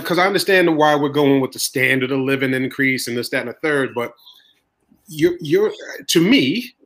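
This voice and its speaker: A man's voice: mid-range voice, a bit bright, low-quality recording. A man who owns a deli, talking in a casual podcast discussion and repeating his points for emphasis. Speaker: deli owner, podcast host.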